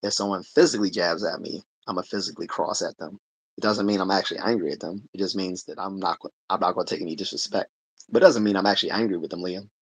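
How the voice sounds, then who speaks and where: Husky-voiced man chatting on a livestream. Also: low voice, steady tone, fast talker, no echo. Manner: conversational, laughs often, many restarts. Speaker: livestream host answering chat. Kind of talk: casual livestream chat.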